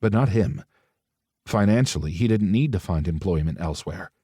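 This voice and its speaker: A man's voice: low-pitched, expressive, moderate pace, dark tone, breathy edge, no room sound, studio quality. A man narrating a romance audiobook, switching into different voices for the characters' dialogue.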